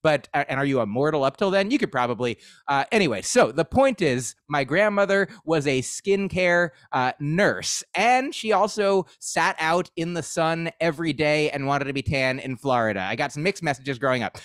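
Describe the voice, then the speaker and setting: A man's voice: a little high, lively intonation, moderate pace, hardly any pauses, a bit bright, dry recording, clean studio sound. A man doing a rambling, self-deprecating stand-up set on a video call. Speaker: comedian.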